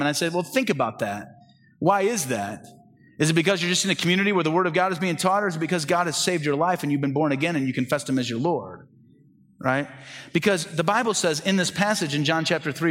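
A middle-aged male pastor preaching with earnest conviction. His voice sits somewhat high for a man, and he moves between urgent, lifted phrases and hushed, slow appeals. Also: expressive. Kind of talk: sermon.

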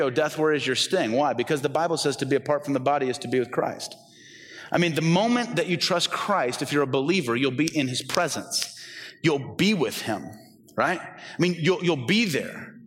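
A pastor in his forties preaching a conversational, animated sermon in a church, often acting out the voices he quotes. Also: fairly high pitch, normal speed, big-room sound. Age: 40s.

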